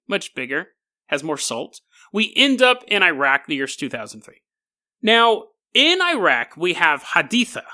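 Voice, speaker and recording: A man's voice: high voice, sharp tone. A man hosting a podcast, telling strange stories in a rambling, jokey way, correcting himself and dropping in playful sound effects. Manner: frequent self-corrections and laughter. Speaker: podcast host. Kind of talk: casual comedic storytelling.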